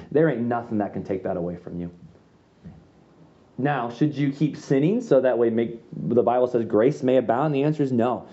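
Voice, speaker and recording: A man delivers a sermon in a loose, slangy way, full of quick asides. His voice is mellow and dark. The recording is a little dull and muffled. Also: medium pitch, lively intonation. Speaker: youth pastor. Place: church room with an audience.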